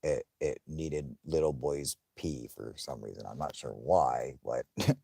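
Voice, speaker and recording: A man's voice: very deep voice, measured pace, gravelly, mellow, breathy edge, dry recording, clean studio sound. A man hosting a live stream, chatting casually with viewers in a profane, rambling way and laughing often.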